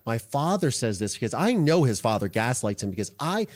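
A man in his forties, a guest in a podcast interview, speaking earnestly and haltingly with many restarts. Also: medium pitch, sing-song.

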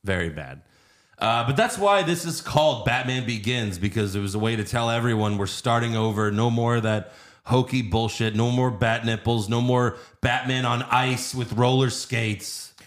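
A man in his thirties co-hosting a casual movie review podcast, profane and animated, slipping into quick impressions. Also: medium pitch. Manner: profane, animated, mimics actors in quick bursts. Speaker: podcast co-host.

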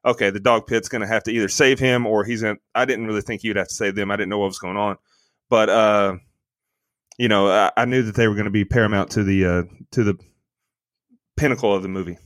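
A man's voice: fairly low pitch, fairly even intonation, quick pace, a bit bright, no room sound. A man co-hosting a podcast, giving an opinionated, rambling movie review full of fillers and restarts. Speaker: podcast co-host. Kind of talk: casual movie review chat.

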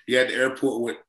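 A man, a former football player co-hosting a casual sports podcast, telling lively stories and acting out quotes. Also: reverberant, rough recording. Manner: animated storyteller, acts out quotes in a higher voice, laughs often.

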